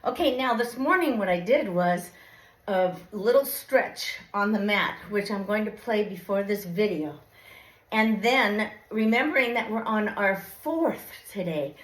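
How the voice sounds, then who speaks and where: A woman's voice: medium pitch, animated, a little slow. A woman fitness instructor coaching a workout while riding a stationary bike, a little out of breath, giving encouraging step-by-step cues. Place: home exercise bike. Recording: echoey room.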